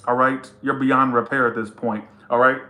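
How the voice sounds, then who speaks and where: A man's voice: medium pitch, fairly even intonation, normal speed, bright, forceful tone, echoey room. A man giving a casual tarot reading to camera, blunt, teasing and full of profanity. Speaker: tarot reader.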